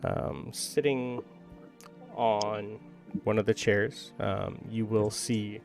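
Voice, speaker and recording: A man's voice: fairly low pitch, steady tone, very slow, gravelly, darkish tone, soft background music. A man running a tabletop game as game master, describing scenes casually with frequent ums.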